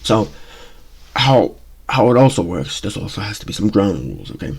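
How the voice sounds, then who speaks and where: A man with a slightly low voice hosts his own casual talk show and speaks his opinions bluntly. He circles back, repeats phrases and checks in with "okay?" and "you know?" as he goes. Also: big pitch swings, moderate pace, husky. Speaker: show host.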